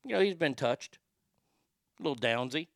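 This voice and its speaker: A man's voice: medium pitch, lively intonation, moderate pace, no room sound, clean studio sound. A middle-aged man hosting a show, telling a story in a casual, profane rant with a lot of stammered restarts. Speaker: show host. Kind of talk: casual ranting monologue.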